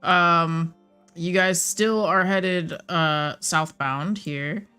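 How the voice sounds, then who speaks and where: A game master narrating a tabletop game in a relaxed, playful way with many fillers. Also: medium pitch, drawn-out words, smooth, soft background music.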